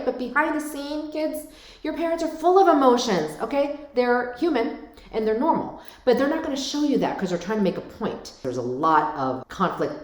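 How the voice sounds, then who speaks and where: Animated woman vlogger in an echoey room. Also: on the low side. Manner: animated, addresses viewers directly with frequent "right?". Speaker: parenting vlogger. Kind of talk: casual talk to camera.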